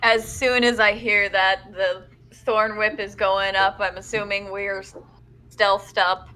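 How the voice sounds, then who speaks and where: A woman plays a tabletop game, calmly laying out what her character does and why. She speaks at a middle pitch, plain and practical. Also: slow pace. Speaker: player. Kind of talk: casual tabletop game play.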